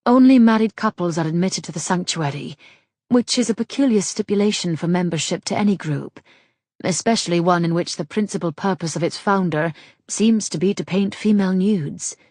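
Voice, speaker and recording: A brisk, sharp-tongued proper lady who talks crisply and gets straight to business, as a woman reads her in an audiobook. Her voice is low and slightly husky, with a dry close sound. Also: no room sound, close to an everyday voice. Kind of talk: audiobook character voice.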